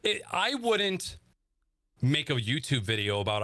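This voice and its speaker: Blunt, animated podcast host. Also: male voice, medium pitch, normal speed, no echo. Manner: blunt, swears freely, talks in earnest stretches. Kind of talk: casual podcast chat.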